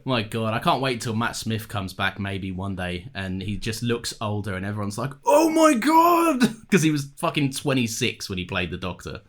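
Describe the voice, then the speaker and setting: A man's voice: lowish voice, normal speed, hardly any pauses, fairly bright tone. A man co-hosting a podcast in casual chat, rambling and joking, with casual swearing. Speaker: podcast co-host.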